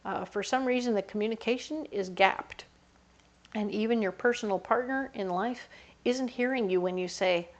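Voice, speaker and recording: A woman's voice: mid-range voice, normal speed. A woman giving a casual tarot reading in a chatty, conversational way, sometimes slipping into little voices for the people she talks about. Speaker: tarot reader.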